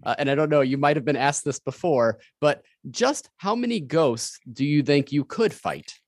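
A man's voice: on the high side, expressive, normal speed, dry recording, studio quality. A man hosting a podcast, who asks a guest long, wandering questions with fillers. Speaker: podcast host. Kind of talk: interviewing a guest.

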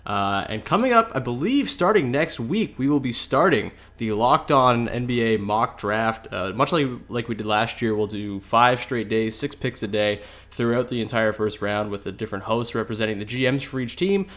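A young man hosts a casual sports podcast at medium pitch and normal speed, his voice a bit bright and his nose stuffy from a cold. He chats in loose sentences packed with fillers and restarts.

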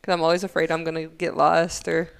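Frank woman with a lowish voice. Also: completely flat delivery, fast, vocal fry, clear, resonant tone. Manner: frank, swears, laughs at her own mix-ups. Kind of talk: casual chat.

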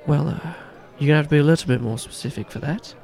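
Man playing a gruff barman, early 30s, cheeky, pitched up. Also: fast, a little mellow. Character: brash Irish bartender, man in early thirties.

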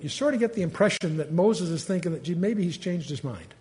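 An older man, his voice sitting a little high, teaches the Bible like a chat among friends. He reads old verses aloud with swelling emphasis, then drops back into easy asides full of "you know" and "uh", recorded close on a podcast mic. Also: animated, fairly quick, few pauses, a little mellow.

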